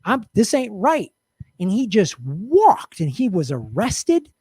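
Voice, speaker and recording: A man's voice: high voice, wildly swooping pitch, slow, a little mellow, husky, no echo, clean studio sound. A middle-aged man hosting a podcast, delivering a fired-up, profane political commentary rant. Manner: impassioned, profane, emphatic. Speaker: podcast host.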